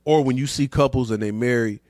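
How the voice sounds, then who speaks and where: A man's voice: medium pitch, fairly quick, darkish tone, no echo, studio quality. A middle-aged man hosting a casual chat show, talking loosely in slang and laughing often. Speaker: podcast host.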